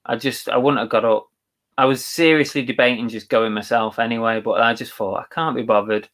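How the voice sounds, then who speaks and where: A chatty man co-hosts a casual livestream and reads viewer comments aloud. His voice sits at a middling pitch for a man. He thinks aloud, agrees easily and restarts his sentences as he goes. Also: steady tone, brisk, fairly bright tone. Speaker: co-host of a live reselling show. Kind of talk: casual live-stream chat, reading viewer comments.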